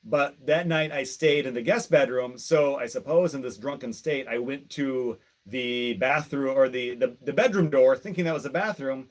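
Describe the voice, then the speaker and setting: A man hosting a podcast at a mid pitch. He tells embarrassing stories about himself at a measured pace, poking fun at his own past. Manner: measured, self-mocking storyteller. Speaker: podcast host. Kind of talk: casual chat.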